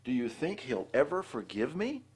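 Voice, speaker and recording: A boy bear cub who feels sorry and worried, from a picture book, as a man reads him. The voice is husky and soft. It moves through a wide range. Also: mid-range voice, very animated, moderate pace. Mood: apologetic. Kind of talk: storybook read-aloud.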